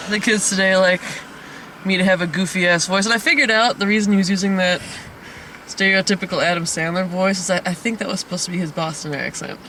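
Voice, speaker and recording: A man's voice: high voice, steady tone, brisk, pushed and bright, slight background noise. A man hosting a casual comedic movie review, rambling along and laughing often. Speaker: host of a movie review podcast.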